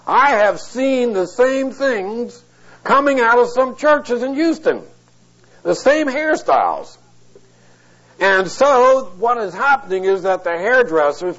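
A high-pitched middle-aged male preacher works through a verse word by word, tossing in wry, blunt asides. The audio is muffled and lo-fi, like an old tape of a sermon. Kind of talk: expository sermon. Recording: dull lo-fi tape recording.

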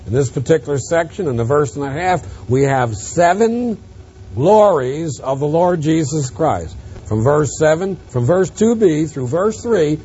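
Male preacher, Bible teaching, emphatic, lively up-and-down pitch, muffled lo-fi recording with faint hiss. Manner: emphatic, swings from loud stresses to quiet drops.

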